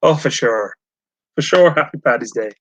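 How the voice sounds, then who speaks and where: A man's voice: medium pitch, expressive, normal speed, poor audio. Rambling man hosting a live stream. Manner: rambling, self-mocking, fillers and restarts. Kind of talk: casual chat while reading live chat.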